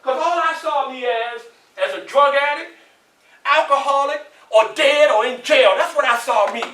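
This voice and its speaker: A man with a Southern US accent giving a motivational speech to students in a college hall, preachy and animated, often asking the crowd questions. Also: very high-pitched, moderate pace. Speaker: motivational speaker. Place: large echoey college hall. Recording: echoey hall, voice from far off.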